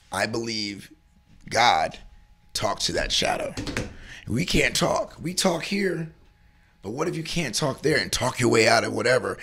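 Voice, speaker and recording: A man's voice: mid-range voice, vocal fry, sharp tone, breathy edge. A man co-hosting a casual chat, talking earnestly and rambling about faith and feeling good. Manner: earnest, rambling, acts out little voices in stories. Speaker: co-host.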